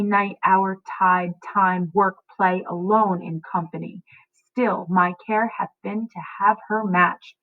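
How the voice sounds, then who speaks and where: A woman's voice: no echo, natural voice. Woman putting on a raging old lord father. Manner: booming, commanding, threatening. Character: furious domineering older male lord, father. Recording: tinny phone-like audio.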